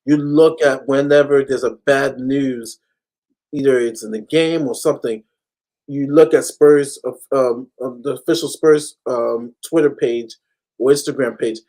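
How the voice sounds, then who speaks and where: A man's voice: mid-range voice, fairly even intonation, unhurried, warm tone. A man from the United States ranting animatedly as a football fan panelist. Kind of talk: casual fan chat.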